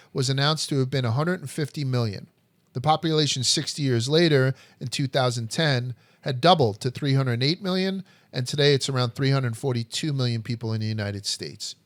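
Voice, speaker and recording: A man's voice: medium pitch, a bit bright, dry recording. A man hosting a history podcast, telling stories in a blunt, profane, joking way. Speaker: podcast host. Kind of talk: casual history chat.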